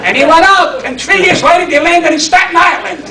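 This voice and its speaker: A man's voice: very high-pitched, a little fast, distant mic, a loud crowd, heavy background noise. A man, giving a brash, punchy stand-up acceptance speech full of wisecracks, in a banquet hall. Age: 80s. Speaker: award honoree and comedian. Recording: echoey hall, voice from off mic.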